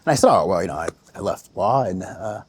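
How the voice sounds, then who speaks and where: A relaxed man from the United States, guesting on a podcast, telling stories and quoting others with lively voices. His voice sits on the low side for a man. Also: quick pace, slight background noise. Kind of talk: casual interview storytelling.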